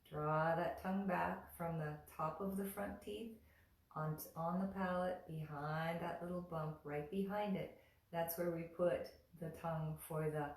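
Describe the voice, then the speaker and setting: A woman teaching pronunciation, patiently repeating each syllable slowly and clearly. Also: low-pitched, darkish tone. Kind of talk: slow, patient pronunciation lesson. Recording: roomy echo, voice a bit far from the mic.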